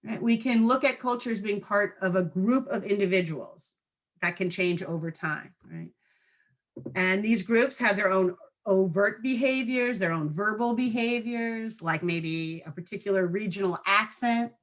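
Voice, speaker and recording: Woman trainer, conversational, mid-pitched, keeps checking in with the group. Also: measured pace. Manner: conversational, checks in with frequent tag questions. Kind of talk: online training presentation.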